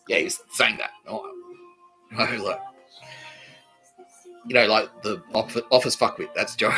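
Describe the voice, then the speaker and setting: A man rants through a crude comedy story, swearing freely and breaking into laughter at his own lines. His voice sits low but has a bright, forceful edge, with faint music underneath. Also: slow pace, long pauses, rough recording. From Australia. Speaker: podcast host.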